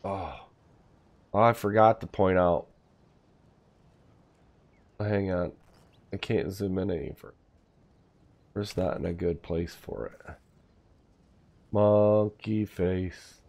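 Very deep-voiced laid-back man. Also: measured pace, gravelly, long pauses. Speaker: streamer, host. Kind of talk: casual gaming chat.

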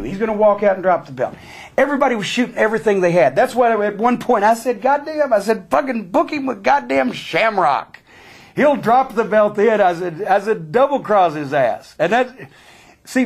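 High-voiced man telling a profane story. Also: slightly rough. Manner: profane, animated, sarcastic. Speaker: storyteller guest.

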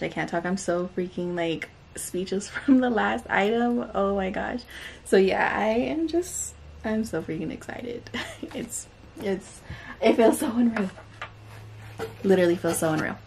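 Casting note: woman, unboxing vlogger, excitable and gushing, with a gravelly, creaky edge and a faint hiss behind her. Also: medium pitch. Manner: gushing and excitable, chatty with many fillers. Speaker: booktube host. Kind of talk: casual unboxing vlog.

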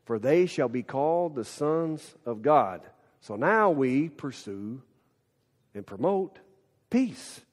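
A male pastor delivers a sermon in a lively, chatty way, often turning to the congregation with quick questions and asides. His voice sits fairly high for a man. The long reverb of a church hall trails after his words. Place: church sanctuary.

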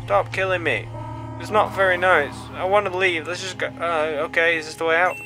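Fairly high-pitched and fairly quick, a young gaming channel host narrates his let's play over music. He gets excitable as he plays, yelping and begging the game.

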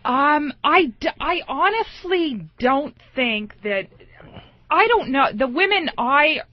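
A woman comedian guesting on a radio talk show answers defensively, with hesitant restarts. Her voice sits slightly high for a woman. The sound is dull and lo-fi. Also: animated, no echo. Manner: defensive, hesitant, fast pushback.

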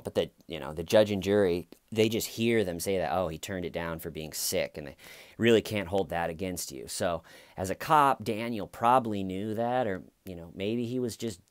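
A man's voice: low-pitched, normal speed, dry recording, clean studio sound. A man giving casual true crime commentary in a rambling, conversational way. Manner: rambling, conversational, acts out quoted lines.

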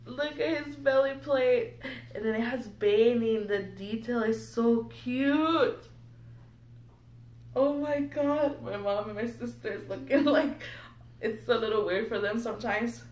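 A young woman chatting excitedly to camera while unboxing something at home, nervous and giggly. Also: fairly high pitch, unhurried. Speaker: vlogger. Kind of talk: casual unboxing chat to camera. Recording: echoey room, mic a bit distant, faint background noise.

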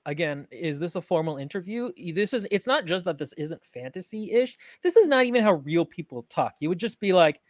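A woman's voice: on the low side, very animated, brisk, hardly any pauses, no room sound. Female podcast critic, frank and wry, dry close mic. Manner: frank, wry and analytical, with many fillers. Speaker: podcast host and writing critic. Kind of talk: casual critique chat.

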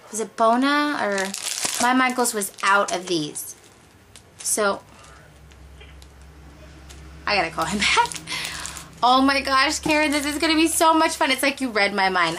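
A young woman vlogger gushing quickly through a craft-supply unboxing, giddy and talkative after extra coffee. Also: mid-range voice, pushed and bright, a little hiss or hum. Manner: gushing, fast, over-caffeinated. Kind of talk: excited unboxing chat.

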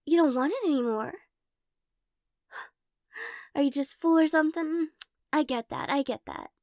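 A woman's voice: sits high, a little slow, darkish tone, no room sound, clean studio sound. A woman playing a weird, giggly girl in whispered role-play. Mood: quirky.

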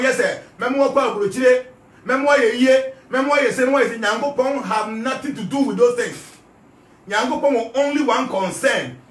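A man's voice: extremely high pitch, a bit bright, echoey room, recorded from a distance. A man with a Ghanaian accent giving an emphatic spiritual talk, repeating his key phrases. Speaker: spiritual teacher.

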